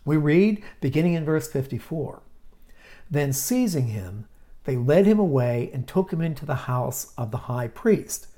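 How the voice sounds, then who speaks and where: A man teaching on a podcast, retelling a Bible story dramatically, swinging from loud stresses to hushed asides. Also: fairly high pitch, animated, a little slow.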